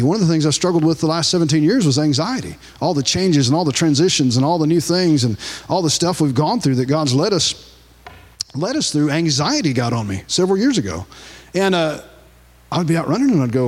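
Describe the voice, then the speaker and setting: A Louisiana man preaching a sermon in a high voice that leaps up and down. He tells stories in an animated way and circles back over his own phrases. His voice rings on in a reverberant church hall. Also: fast.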